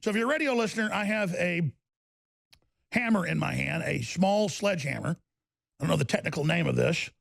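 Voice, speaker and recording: Gravelly, high-pitched ranting radio host. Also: male voice, animated, a bit bright. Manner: energized, fast ranting with repeated restarts. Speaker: radio talk show host. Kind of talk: ranting talk radio broadcast. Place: broadcast studio.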